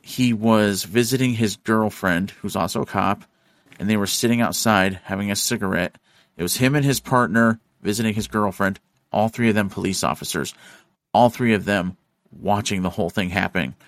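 A man hosting a podcast, telling a story in casual chat, animated and profane, acting out the voices of the people in it. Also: on the low side, normal speed, dry recording, clean studio sound. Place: studio.

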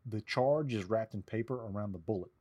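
Low-voiced man explaining in casual chat. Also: fairly quick, dark tone, husky, muffled recording. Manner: joking, explains gear step by step. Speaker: podcast co-host, Civil War reenactor.

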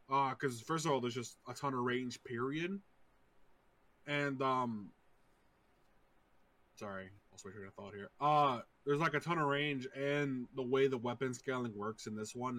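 A man's voice: mid-range voice, fairly bright tone. Teasing man in a gaming chat. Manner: teasing, emphatic, swears. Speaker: podcast co-host.

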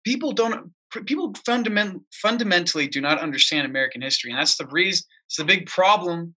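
High-voiced, emphatic ranting man. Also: animated, quick pace, pushed and bright, slightly rough. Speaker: podcast co-host. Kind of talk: casual political chat.

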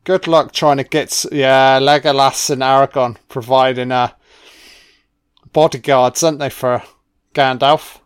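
Male commentator, laid-back and sweary, slow delivery. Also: medium pitch, clean tone. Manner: relaxed, profane, admiring asides. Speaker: film commentator. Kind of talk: casual film commentary.

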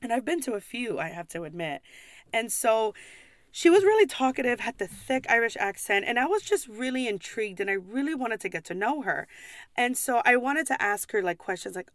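A young woman from the United States who works as a pub server, ranting in a casual vlog with blunt swearing and quick apologies. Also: fairly high pitch, animated, fairly bright tone, dry recording, clean studio sound.

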